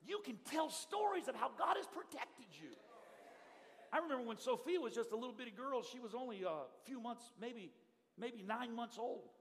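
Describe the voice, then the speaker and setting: A middle-aged male pastor, telling stories in a sermon and swinging from hushed telling to loud shouting. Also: very high-pitched, lively intonation, normal speed, slight background noise. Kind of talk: storytelling sermon. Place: church sanctuary. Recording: live church hall reverb.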